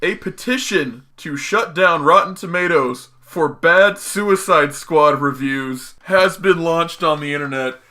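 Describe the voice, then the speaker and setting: A young man hosts a casual chat podcast with a bright, slightly high voice. He swears freely and rambles off on tangents. His talk is quick to get excited. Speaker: podcast host.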